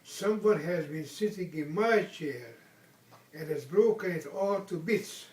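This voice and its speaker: Older man reading as a wee sad baby bear from a bedtime book, slow, echoey room. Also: a little high, darkish tone, recorded from a distance, natural voice. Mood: plaintive.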